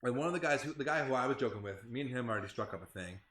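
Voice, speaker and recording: Young man, band member, casual podcast storytelling, animated, profane, fast-talking, roomy echo. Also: medium pitch.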